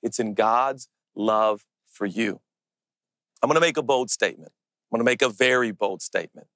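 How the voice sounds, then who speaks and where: A man preaching a sermon as pastor, earnest and intimate, slowing down to press on key words. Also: medium pitch, fairly bright tone, dry recording.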